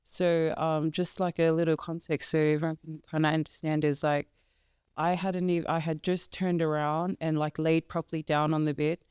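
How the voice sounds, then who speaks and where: A young woman with a very smooth, clean voice, talking as a guest in a casual podcast conversation. She speaks haltingly, with many fillers and restarts. The sound is dry and close. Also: low-pitched, little pitch movement, darkish tone, no room sound. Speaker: guest, mother of three.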